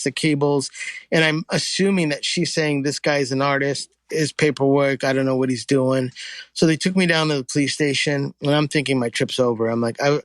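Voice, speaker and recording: A man from the United States telling stories casually, lively and acting out the people in them. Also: mid-range voice, no room sound. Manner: animated, acts out voices and sings in quotes. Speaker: storyteller guest. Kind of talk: casual storytelling.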